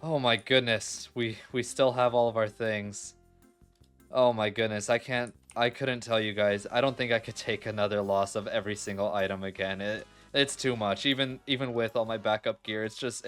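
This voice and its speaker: A man's voice: lowish voice, fairly even intonation, normal speed, fairly bright tone, smooth, faint music behind. A man chatting casually through his building game, exclaiming and laughing readily as he talks straight to his viewers. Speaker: gaming video creator. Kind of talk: casual let's-play commentary.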